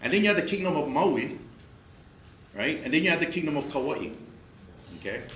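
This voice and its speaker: A man's voice: a little high, lively intonation, moderate pace, a bit bright. A man giving a history lecture to a live audience, explaining step by step and often checking in with "right?" and "okay?". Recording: echoey room with faint noise.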